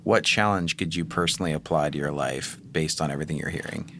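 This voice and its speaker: A man's voice: a bass voice, fast, bright, forceful tone, slight background noise. A man co-hosting a podcast, talking in a reflective, musing way in casual conversation. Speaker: podcast co-host.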